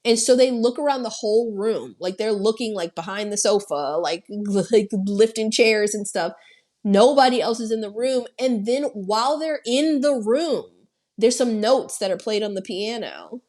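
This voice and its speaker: A woman's voice: medium pitch, normal speed. A woman co-hosting a podcast, retelling a horror film in casual, profane chat and acting out the characters' lines. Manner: animated, profane storytelling with acted-out quotes. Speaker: podcast co-host.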